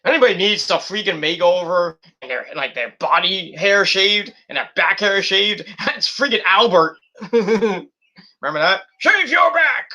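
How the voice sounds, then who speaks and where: In a vlog, a man casually runs through a wrestling show, animated and cursing freely while imitating what people said. His voice sits high and he takes his time.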